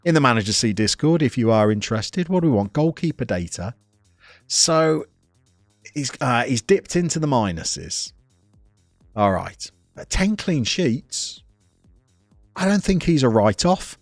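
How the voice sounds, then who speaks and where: A man's voice: mid-range voice, sing-song, measured pace, pauses often, dry recording, soft background music. A man streaming a football management game, chatting casually and reading out chat messages as he goes. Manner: chatty, reads chat aloud, self-interrupting.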